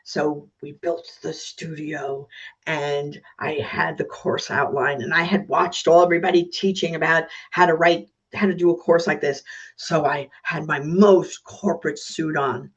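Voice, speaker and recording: A woman's voice: low voice, a little slow, slightly rough, muffled recording. A woman who is a guest speaker on a podcast interview, telling stories with energy and acting out the voices of the people in them. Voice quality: animated storyteller, acts out voices in anecdotes.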